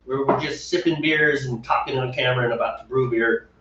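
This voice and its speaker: Co-hosting a homebrew show, this middle-aged man from the United States rambles through casual chat with frequent laughter, speaking a little fast with fairly even intonation. His mid-range voice has a fairly bright tone, captured by a far-off mic in an echoey room that sounds dull, with slight background noise.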